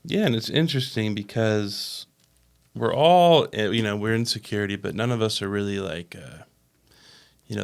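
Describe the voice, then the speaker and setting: A man's voice: on the low side, creaky, clear, resonant tone. A man co-hosting a podcast, chatting casually with lots of filler phrases. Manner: relaxed, many filler phrases. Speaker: podcast co-host. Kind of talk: casual chat.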